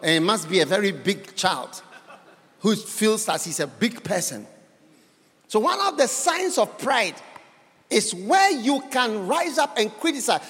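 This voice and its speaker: Ghanaian male preacher, high, lively delivery, long hall reverb, emphatic. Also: a little slow. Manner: emphatic, questioning the congregation, bursts of laughter. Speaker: guest preacher. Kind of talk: sermon.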